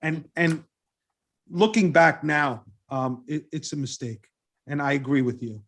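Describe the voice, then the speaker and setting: A man's voice: on the high side, a little slow, a bit bright. A man presenting a building design at a public planning meeting, earnest and eager, often restarting his sentences.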